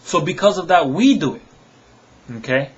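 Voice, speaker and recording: A man's voice: fairly high pitch, animated, moderate pace, husky, lo-fi sound. A man giving a heated rebuttal to a critic, firing off rhetorical questions with scoffing chuckles and repeating himself when worked up. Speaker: religious apologist answering a critic. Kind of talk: direct-to-camera rebuttal monologue.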